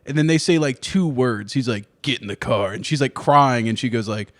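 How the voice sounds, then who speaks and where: A man's voice: medium pitch, normal speed, dry recording. Man, podcast host, rambling joking stories, dry close sound. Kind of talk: casual chat.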